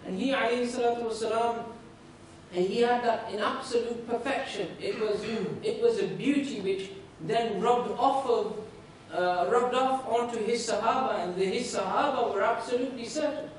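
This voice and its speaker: High voiced guy giving a sermon, keeps saying "right?", recorded from across the room, bit of hiss. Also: normal speed. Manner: conversational, often checks in with "right?", repeats words. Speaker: religious speaker. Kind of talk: sermon storytelling. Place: university room. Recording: echoey room from far off, faint noise.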